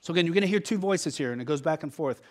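A man's voice: a little high, animated, very fast, a little mellow. A man preaching a sermon as pastor, conversational and emphatic, often checking in with the listeners.

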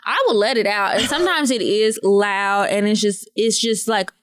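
A woman's voice: medium pitch, normal speed, fairly bright tone. A young adult woman co-hosting a podcast, telling candid, self-deprecating stories in casual chat. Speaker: podcast co-host.

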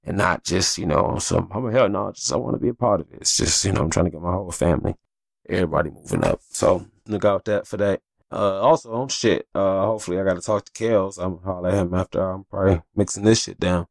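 A man's voice: sits low, fast, gravelly, dry recording. A man hosting a casual solo podcast, talking candidly and with plenty of swearing as he rambles through stories. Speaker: podcast host.

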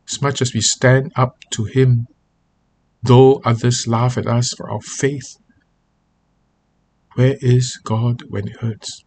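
A man's voice: medium pitch, a little mellow, a little hiss or hum. A man giving a devotional talk as a pastor, earnest and reading scripture aloud with feeling. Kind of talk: devotional Bible teaching.

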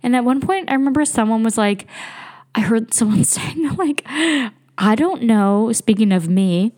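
A woman's voice: fairly high pitch, expressive, moderate pace, mellow. A young woman hosting a podcast, telling a rambling, casual story, swearing freely and laughing often. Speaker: podcast host.

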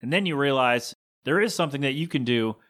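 A man's voice: medium pitch, lively intonation, fast talker, fairly bright tone. A man hosting a podcast in a casual, rambling chat, teasing himself as he talks. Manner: rambling and self-mocking. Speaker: podcast host.

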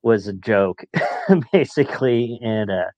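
A man's voice: on the low side, slow pace, a little mellow, no echo. A man in his late forties, a podcast guest telling stories in a chatty way and laughing as he talks. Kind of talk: casual storytelling. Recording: dull muffled dry sound.

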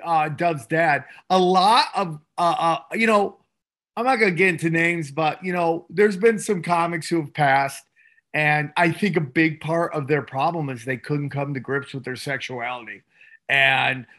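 A podcast co-host with a bright, sharp voice that sits a little high. He jokes crudely and gets excitable as he chats. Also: measured pace. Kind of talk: casual comedic chat.

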